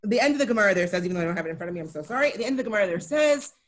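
A woman's voice: mid-range voice, animated, racing. A woman teaching a Talmud study session, explaining each line and often checking in with her listeners. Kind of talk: co-taught text study session.

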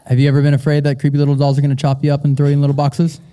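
A man hosting a live show who teases his guests playfully and jokes quickly. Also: on the high side, completely flat delivery, dark tone. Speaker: show host. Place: stage of a live event in a castle.

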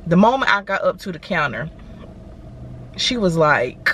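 A woman's voice: fairly low pitch, very animated, measured pace, a bit bright, a little hiss or hum. A woman, vlogging and chatting animatedly to viewers from her car. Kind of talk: casual chat to camera.

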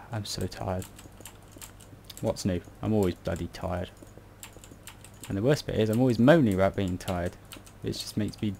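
Low-pitched and dark-toned with vocal fry, a British man commentates casually over a building tutorial for a game, muttering, rambling, and poking fun at himself. There's slight background noise.

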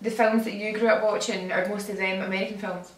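A woman's voice: medium pitch, little pitch movement, fast. A young adult woman with a Scottish accent, a YouTube host chatting casually and giggling easily. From Scotland. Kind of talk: casual chat. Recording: echoey room, off-mic.

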